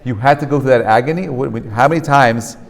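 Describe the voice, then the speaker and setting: Animated rabbi teaching in a hall. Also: male voice, mid-range voice, fast talker, gravelly. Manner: animated, often checks in with "right?"; mixes Hebrew terms into English. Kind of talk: lecture to a live class. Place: lecture hall with a live audience.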